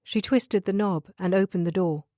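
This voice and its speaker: A woman narrating a thriller audiobook in a measured, even reading style. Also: mid-range voice, no echo, clean studio sound. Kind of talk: scripted narration.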